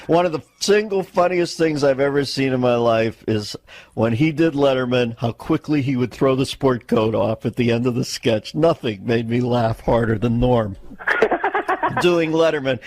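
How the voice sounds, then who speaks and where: A man hosting a casual chat, enthusiastic and quick to laugh. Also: medium pitch, a little mellow, dry recording.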